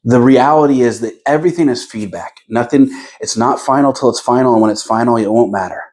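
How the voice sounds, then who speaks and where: A man's voice: mid-range voice, brisk, darkish tone. A man vlogging in his office, talking through his own frustrations in a reflective, encouraging way as he thinks aloud. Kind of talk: candid self-talk to camera.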